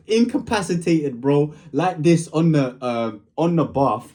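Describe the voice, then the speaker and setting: A man's voice: fairly high pitch, animated, a little slow, few pauses, mellow, slight background noise. A young man telling a rambling, slang-heavy story in a casual storytime.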